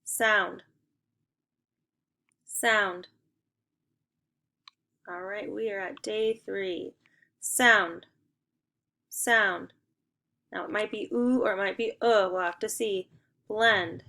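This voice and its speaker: A young woman teaching an online spelling lesson to second graders, upbeat and encouraging, giving clear step-by-step instructions. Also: medium pitch, fairly even intonation, drawn-out words, long pauses, pushed and bright.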